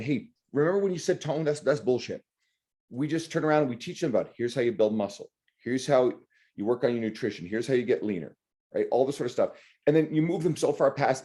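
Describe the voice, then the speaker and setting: A man's voice: medium pitch, mellow. A man hosting a podcast, talking bluntly and with animation, swearing freely as he makes his point. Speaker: podcast host. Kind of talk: casual podcast chat.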